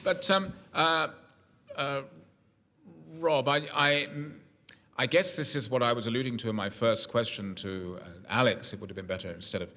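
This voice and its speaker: A man's voice: medium pitch, moderate pace, sharp tone, big-room sound. A male host leading an arts discussion, articulate and wordy, with hesitant restarts.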